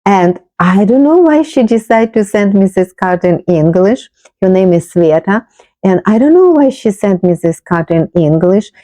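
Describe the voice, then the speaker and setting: A woman's voice: mid-range voice, animated, moderate pace, dark tone, no room sound. A woman telling a personal story to the camera, searching for words with many fillers and restarts, and rising sharply when amused or exasperated. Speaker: video host.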